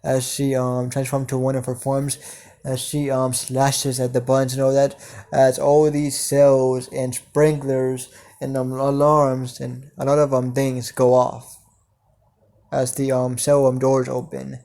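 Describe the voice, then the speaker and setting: A man's voice: medium pitch, monotone, unhurried, warm tone. Hesitant man improvising a fan story. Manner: hesitant, many fillers.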